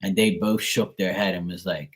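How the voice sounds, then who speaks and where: Man, tarot live-stream host, husky, lowish voice, casual, swears a lot. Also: normal speed, rough recording. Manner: profane, chatty, animated anecdotes.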